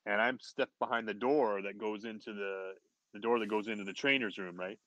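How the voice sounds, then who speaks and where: A man, a former hockey player, telling an anecdote in casual chat as a podcast guest, animated and laughing often. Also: on the low side, brisk, low-quality recording. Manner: animated, laughs often, quotes others in raised voices. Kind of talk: casual storytelling.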